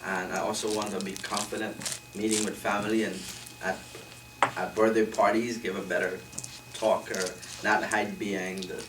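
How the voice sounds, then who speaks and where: A man's voice: lowish voice, level tone, normal speed. A man taking part in a workshop, answering in front of a group with hesitant speech and many fillers. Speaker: workshop participant. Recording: distant, echoey, with clear noise.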